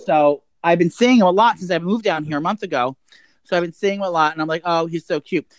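A man's voice: a little high, fast talker, no echo. A man telling a gossipy personal story in a casual, rambling way, full of restarts.

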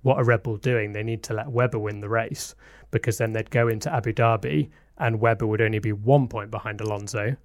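A man's voice: lowish voice, fairly even intonation, a little fast, hardly any pauses, no room sound, clean studio sound. A man co-hosting a casual podcast chat, explaining details at length with a self-mocking streak. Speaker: podcast co-host.

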